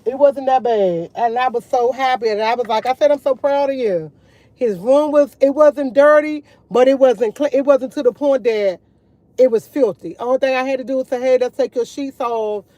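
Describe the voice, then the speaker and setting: A woman's voice: high-pitched, normal speed, dark tone, dry recording, highs cut off. A woman chatting casually to her viewers over morning coffee, rambling and repeating herself as she tells stories. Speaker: vlogger.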